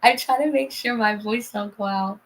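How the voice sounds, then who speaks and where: A woman in her twenties telling a rambling personal story in casual chat, her voice hoarse and giving out, acting out conversations as she goes. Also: on the high side, normal speed, a little hiss or hum, rough recording. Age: 20s. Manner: rambling, acts out conversations in quotes. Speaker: vlogger.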